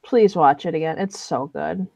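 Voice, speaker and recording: A woman's voice: low voice, moderate pace, creaky, no room sound. A young woman with a snuffly, congested voice, teasing her co-host while she explains her video editing. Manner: teasing, deadpan quips. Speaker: livestream co-host.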